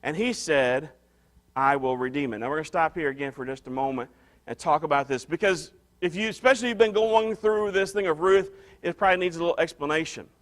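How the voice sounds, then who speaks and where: High-voiced man preaching a conversational sermon. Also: fast talker. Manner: conversational, restarts and repeats phrases for emphasis. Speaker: pastor.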